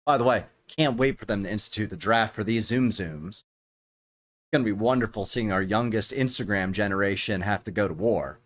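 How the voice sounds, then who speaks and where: A man's voice: on the low side, normal speed, fairly bright tone. A man co-hosting a podcast, talking bluntly and crudely in casual banter. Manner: blunt, crude, provocative talk. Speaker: podcast co-host.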